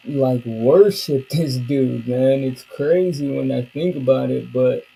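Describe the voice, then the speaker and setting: A man's voice: medium pitch, slow pace, vocal fry, dark tone, low-quality recording. A man streaming live, chatting casually and loosely with his viewers in slang. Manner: loose, slangy and rambling, talking to chat. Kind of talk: casual chat.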